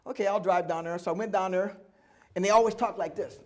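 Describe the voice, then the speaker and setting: An older man with a notably high voice tells stories from his life at a live oral history event. He talks animatedly, slips into the voices of the people in his tales and laughs easily along the way. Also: fast. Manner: animated storyteller acting out other people's lines, often laughing. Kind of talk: live storytelling talk.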